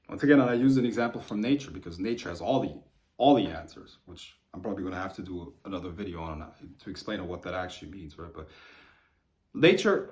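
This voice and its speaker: A man teaching the occult, talking unscripted to camera in a profane, heated rant that builds to forceful outbursts. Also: lowish voice.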